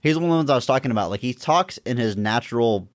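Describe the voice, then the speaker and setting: A man co-hosting a podcast in casual chat, relaxed and measured, with frequent fillers. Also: medium pitch, no room sound, clean studio sound. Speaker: podcast co-host.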